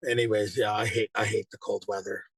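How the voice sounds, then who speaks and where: A man chatting casually with the hosts on a live call, laid-back with quick asides. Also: fairly low pitch, little pitch movement, slightly rough, dry recording. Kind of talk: casual chat.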